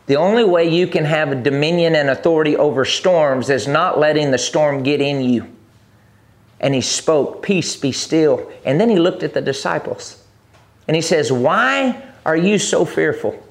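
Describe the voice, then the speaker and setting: Guy preaching on a tv show, kinda high voice, repeats stuff, gets loud and rising. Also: normal speed. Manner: repetitive, emphatic preaching with rising pitch. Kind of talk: sermon on a broadcast show.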